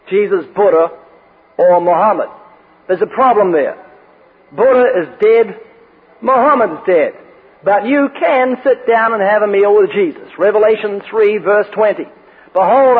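A high-pitched man delivers a sermon, mixing scripture readings with light, joking stories. His voice is husky and comes through a thin, phone-like radio broadcast that trails off in a long reverb. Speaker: preacher.

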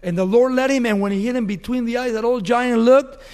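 A man's voice: very high-pitched, a little fast, darkish tone, smooth. A man preaching a sermon, telling a story animatedly and asking his listeners questions.

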